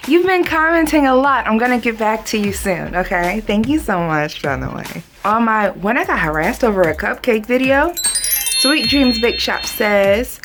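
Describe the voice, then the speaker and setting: A woman's voice: mid-range voice, lively intonation, measured pace, fairly bright tone, soft background music. A woman hosting a baking tutorial, chatty and bubbly, talking straight to her viewers. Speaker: baker and cake channel host.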